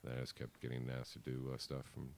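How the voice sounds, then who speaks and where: A man in his forties, a guest artist in a studio, telling animated stories with casual swearing and acted-out quotes. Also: very deep voice, quick pace, dry recording. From American. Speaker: guest, poster artist and co-founder. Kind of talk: casual storytelling interview.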